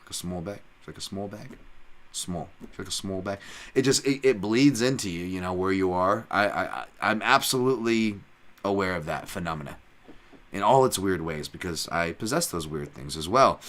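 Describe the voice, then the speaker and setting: A man's voice: low-pitched, a bit bright. A man from Hawaii hosting a podcast, talking in a blunt, profane, rambling way with many restarts. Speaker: podcast host. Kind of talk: casual podcast chat.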